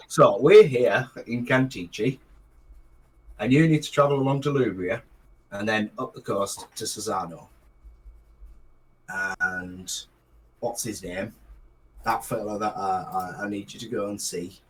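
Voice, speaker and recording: A man's voice: fairly low pitch, unhurried, pauses often, poor audio. A man running a tabletop role-playing game as game master, talking hesitantly with many fillers and restarts. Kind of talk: narrating a tabletop game and voicing a mage.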